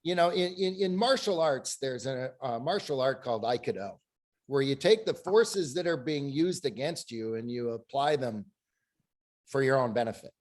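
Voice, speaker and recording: A man's voice: mid-range voice, expressive, normal speed. A man on a panel telling stories, acting out the people he quotes. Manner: storytelling, acts out quoted dialogue. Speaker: panel guest. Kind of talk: anecdotal panel discussion.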